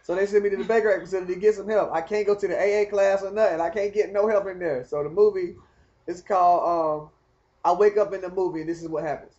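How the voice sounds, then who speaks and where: A man telling a rambling personal story in casual, animated talk. He speaks straight to the viewer and keeps asking whether they follow. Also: high voice, quick pace, dull audio. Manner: animated, talks straight to the viewer, keeps asking "you know what I mean". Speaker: vlogger telling his story.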